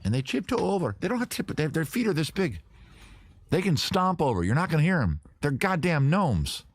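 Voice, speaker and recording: Male host, livestream, rambling crude deadpan humor, bouncy animated pitch, dry close sound. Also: a little fast, no echo. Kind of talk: improvised comic livestream answering viewers.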